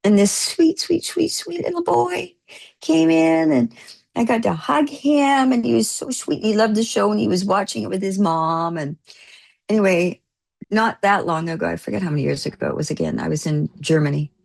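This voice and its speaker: A middle-aged woman, an actor guest, telling an emotional story in an interview, gushing and tearful, her voice climbing high when moved. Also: normal speed, vocal fry, a little mellow.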